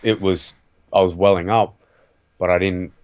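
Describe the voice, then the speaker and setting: A laid-back man speaks in an understated, easygoing way during a casual movie chat. His voice sits low. The sound is dull and lo-fi, with the top end rolled off. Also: steady tone, moderate pace.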